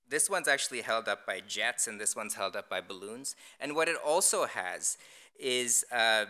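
A man presenting his design work in a public lecture, speaking in a deadpan, wry way with frequent ums and restarts. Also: medium pitch, smooth.

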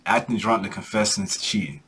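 A man's voice: fairly low pitch, level tone, a little fast, a bit bright, a little hiss or hum. A man hosting a reaction video, talking straight to his viewers in slangy, hyped casual commentary.

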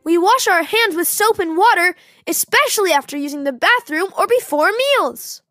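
A woman narrating a children's educational program in a clear, teacherly way. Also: very high-pitched, lively intonation, normal speed, pushed and bright, dry recording, studio quality. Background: faint music.

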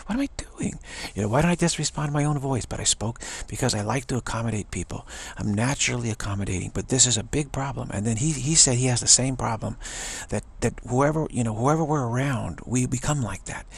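A man's voice: medium pitch, vocal fry, fairly bright tone, slightly rough. A man giving an earnest, rambling spiritual monologue to camera, often restarting his sentences. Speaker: spiritual video blogger.

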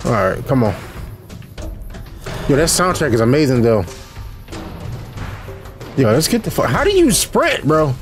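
Excitable young man yelping over game music. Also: a little slow, long pauses. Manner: excitable, profane, talks to viewers, yelps high when panicked. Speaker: gaming YouTuber. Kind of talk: casual let's play commentary. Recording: loud game music behind voice. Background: game music and sound effects.

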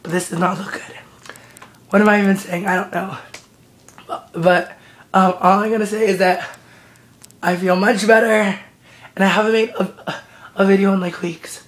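Hoarse, breathless young-sounding man vlogging. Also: high-pitched, fairly even intonation, normal speed, long pauses, fairly bright tone. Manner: rambling, giggly, with restarts. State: hoarse, recovering voice. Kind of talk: casual vlog update.

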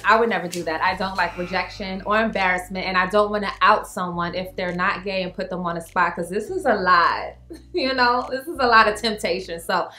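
Bright-voiced woman in an echoey room. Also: mid-range voice. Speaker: cast member. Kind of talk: casual comedic commentary to camera.

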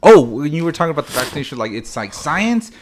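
Mid-pitched guy rambling and cussing on a podcast, voice going up and down a lot. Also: big pitch swings, a little hiss or hum. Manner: rambling, profane, halting restarts. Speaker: podcast co-host. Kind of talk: casual chat.

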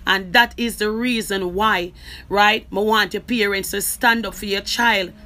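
A Jamaican woman talking straight to camera, emphatic and forceful, who keeps asking "you understand me?". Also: mid-range voice, fairly even intonation, a little slow. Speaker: social media creator. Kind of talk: direct-to-camera personal talk.

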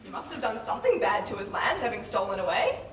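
A woman acting a lovesick, anxious young man in a stage play, with a lively, exasperated delivery. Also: mid-range voice, fast, lightly acted. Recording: echoey hall, mic far off, faint noise.

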